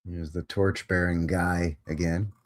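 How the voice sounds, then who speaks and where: A man with a fairly low voice hosts a live show and talks about photos in a relaxed way. He's wry and joking, and quick to sound amazed.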